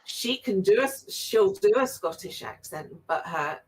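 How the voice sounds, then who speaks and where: A woman's voice: medium pitch, animated, measured pace, slight background noise, poor audio. A woman, chatting casually with friends at a game table. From England. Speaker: player. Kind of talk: casual chat.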